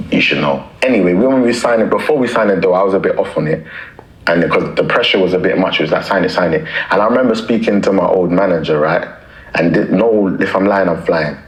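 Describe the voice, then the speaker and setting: A man tells an animated story in casual, slangy talk. His voice is very deep. The recording is roomy and echoey. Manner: animated, slangy anecdote-telling. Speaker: rapper guest.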